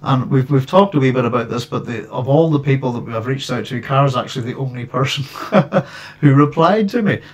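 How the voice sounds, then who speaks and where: A man's voice: mid-range voice, animated, a little fast, muffled recording. A man hosting a casual livestream chat from home, rambling with many restarts. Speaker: host.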